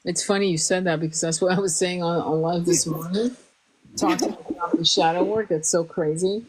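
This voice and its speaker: A woman's voice: fairly low pitch, fairly even intonation, a little fast, a little mellow, a little hiss or hum, rough recording. Chatty woman spiritual reader. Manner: swearing, restarts, stretches words for emphasis. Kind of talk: casual spiritual chat.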